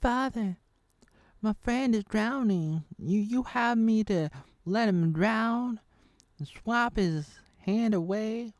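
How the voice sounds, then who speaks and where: A man voicing a desperate young male dwarf prince, pushing his voice loud and high. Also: slow, no room sound, studio quality. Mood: pleading.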